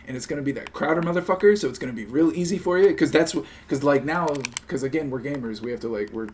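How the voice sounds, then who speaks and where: Animated, swearing male streamer. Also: a little high, fast, a little hiss or hum. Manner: animated, persuasive, swears freely, acts out pleading voices. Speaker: streamer host. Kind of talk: casual chat on a live stream.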